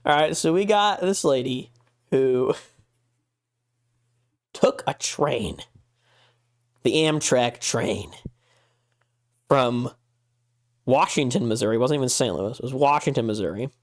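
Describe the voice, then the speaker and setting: A man's voice: animated, takes it slowly, pauses often. Exasperated swearing man ranting. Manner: exasperated ranting, heavy swearing, pitch jumps when worked up. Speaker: podcast co-host. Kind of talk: casual podcast chat.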